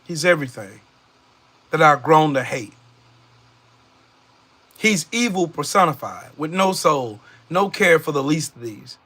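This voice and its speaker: A man's voice: fairly high pitch, expressive, unhurried, pauses often, pushed and bright. A man angrily ranting on a live political stream. He talks profanely and mockingly, and often repeats himself and restarts his sentences.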